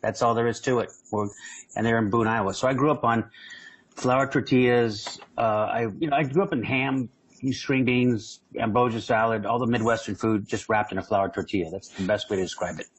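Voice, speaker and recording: A man from San Diego, a comedian guest, telling animated, jokey stories in a casual interview with frequent restarts. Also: medium pitch, a little fast, slight background noise, poor audio. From San Diego, California.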